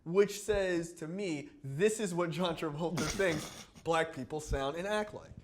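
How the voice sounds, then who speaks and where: A man co-hosting a film review podcast in casual chat, animated, swearing and laughing often. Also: a little high, unhurried, a little hiss or hum. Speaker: podcast co-host reviewing films.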